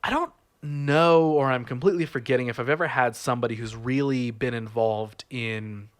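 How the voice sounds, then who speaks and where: A man's voice: mid-range voice, fairly even intonation, normal speed. A man hosting a podcast, talking casually and rambling, with frequent restarts and fillers. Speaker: podcast host.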